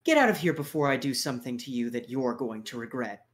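A man voicing a menacing male crime boss who talks with sneering sarcasm and quiet threats. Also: mid-range voice, expressive, quick pace, close to an everyday voice. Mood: threatening.

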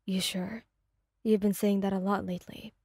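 A woman reading the part of a cheerful, caring young man who speaks softly and reassuringly. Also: medium pitch, level tone, moderate pace, breathy edge, no room sound, studio quality. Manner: soft, reassuring. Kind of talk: fanfic audio reading.

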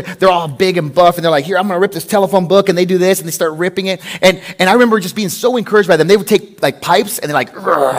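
A man preaching a sermon as pastor, mixing scripture reading with conversational, humorous personal stories. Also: fairly high pitch. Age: adult with a wife. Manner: conversational, animated storytelling with humor.

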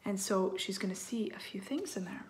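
A woman reading a picture book aloud to children, pausing to explain in gentle, hushed asides. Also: mid-range voice, expressive, in a whisper.

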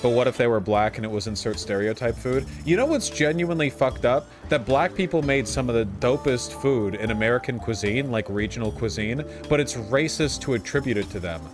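A man's voice: mid-range voice, fairly quick, few pauses, over music. A man streaming a video game, ranting crudely and swearing often in casual commentary.

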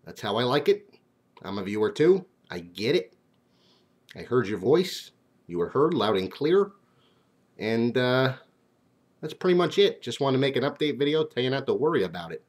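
Guy doing a quick vlog update, casual and jokey, kinda self-mocking. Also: mid-range voice, animated. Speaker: channel host.

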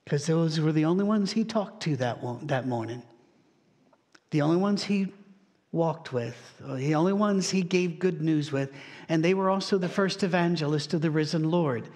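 A male pastor delivering a sermon in a storytelling way. His voice sits a little higher than most men's. He slows down and lowers his voice to draw listeners in. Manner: storytelling preacher, slows and drops to a hush for emphasis.

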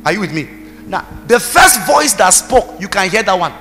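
Pastor, high and ringing, booming hall, soft music under him, punchy preaching. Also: male voice, very animated, normal speed. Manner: emphatic preaching, shouting bursts, commands to the congregation. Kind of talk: sermon. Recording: reverberant hall with music behind.

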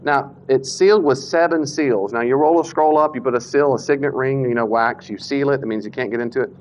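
Man giving a lively Bible lecture. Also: mid-range voice, fairly quick, slight background noise. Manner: animated, acts out quoted speakers, self-corrects. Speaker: Bible teacher. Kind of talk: casual classroom lecture. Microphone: Bluetooth mic that cuts out. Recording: dull lo-fi lecture recording.

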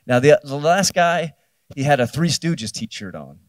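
A New Jersey man in his fifties gives a keynote on a festival stage, telling a personal story live and acting out the dialogue. His voice is fairly high with big pitch swings, a little slow, and carries no echo.

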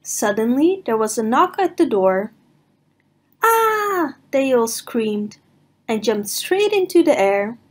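A woman reads a picture book to small children, taking her time over every line. Her voice rises and falls in a lively sing-song, and it carries a soft, breathy edge. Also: on the high side, measured pace. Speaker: storybook reader. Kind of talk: children's read-aloud narration.

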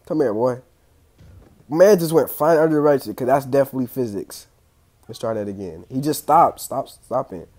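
Young dude yelling at a wrestling game, throat all clogged, lots of slang and trash talk. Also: male voice, mid-range voice, animated, normal speed. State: congested throat. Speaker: gaming channel host. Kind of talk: casual gameplay commentary.

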